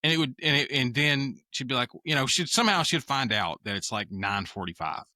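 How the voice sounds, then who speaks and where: A man's voice: medium pitch, expressive, brisk, pushed and bright, dry recording. A man chatting casually on a podcast, telling anecdotes with easy laughter. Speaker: podcast co-host or guest. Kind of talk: casual chat.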